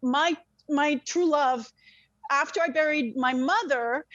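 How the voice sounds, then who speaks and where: A woman, an interview guest, telling a very personal story in an animated way, swearing freely and often restarting her sentences. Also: high-pitched, slow pace, dry recording. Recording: dull lo-fi dry sound.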